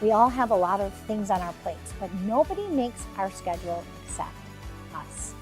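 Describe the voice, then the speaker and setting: A woman's voice: mid-range voice, lively intonation, moderate pace, soft background music. A woman hosting a daily devotional, talking in an earnest, conversational way and repeating words for emphasis. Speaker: devotional host. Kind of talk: devotional talk.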